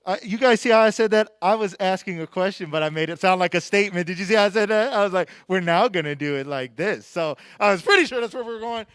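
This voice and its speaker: A playful male emcee with a high voice works the crowd at an awards night, speaking into a handheld mic. The sound is dry and close. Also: fast, hardly any pauses, fairly bright tone, clear, resonant tone, no echo. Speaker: event emcee. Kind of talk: live awards announcing. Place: event hall stage. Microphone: handheld microphone.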